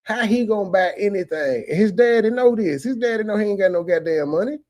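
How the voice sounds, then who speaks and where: Streamer, male, high-pitched, sarcastic and profane, running commentary that roasts its subject. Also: animated, brisk, a little mellow. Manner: mimics others in a mocking voice. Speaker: commentary streamer reacting to a clip. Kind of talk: casual mocking commentary.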